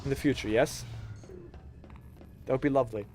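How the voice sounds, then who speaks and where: A young man, chatting casually and ranting excitedly to his chat while streaming a game, swearing freely. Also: mid-range voice, normal speed, faint music behind.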